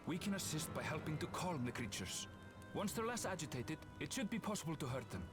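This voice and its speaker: Earnest young game ally, urgent, high lively voice, music behind. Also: male voice, fairly quick.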